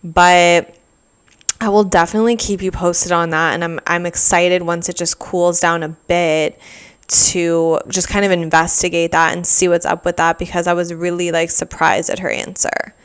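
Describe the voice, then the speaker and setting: A woman's voice: lowish voice, level tone, moderate pace, clear, resonant tone. A young woman hosting her own podcast, rambling casually with lots of "like" and sarcastic asides. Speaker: podcast host. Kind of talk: casual solo podcast chat.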